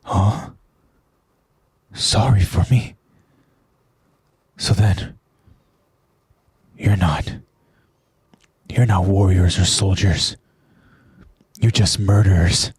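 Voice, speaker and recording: A man's voice: deep voice, fairly even intonation, drawn-out words, pauses often, husky, no room sound, voice pushed down, exaggerated voice. A man voicing a furious, bitter young male soldier who accuses and screams at former comrades. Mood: contemptuous. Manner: shouting, accusing, rising to a scream.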